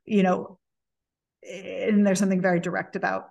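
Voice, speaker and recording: A woman tells a story as a podcast guest in casual, animated chat. She leans on "like" and acts out what people said. Her voice sits in a middle register and sounds a little distant from the microphone. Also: medium pitch, normal speed, creaky, muffled recording. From United States. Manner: animated, lots of "like" and acted-out quotes. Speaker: interview guest.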